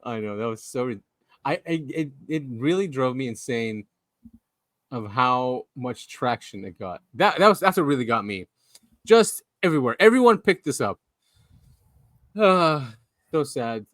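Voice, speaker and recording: An animated male podcast co-host who laughs easily and trips over his restarts. His voice sits at an ordinary mid pitch. The sound is dry and close, with no room around it. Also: a little slow, pauses often, no room sound. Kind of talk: casual podcast chat.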